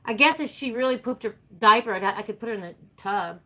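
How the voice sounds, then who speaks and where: Bright, chatty woman talking to viewers. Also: a little high, fast talker. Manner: animated, chatty, laughs often. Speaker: livestream host. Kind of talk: casual chat with viewers.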